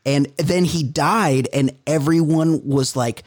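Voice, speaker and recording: A man's voice: on the high side, slow, darkish tone. A man hosting a casual podcast chat. He talks candidly, swears freely and speaks with open emotion. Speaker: podcast host.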